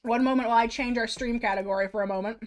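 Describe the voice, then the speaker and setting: A woman with a high, light voice talks to her livestream audience in a loose, chatty way. She mocks herself and swears casually as she goes. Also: fairly even intonation, rapid-fire. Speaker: streamer.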